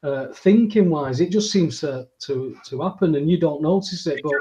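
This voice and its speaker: A man's voice: a little high, moderate pace, warm tone, a little hiss or hum. Easygoing man with a Leigh accent. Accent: Leigh, northwest England. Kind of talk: casual chat. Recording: muffled lo-fi audio.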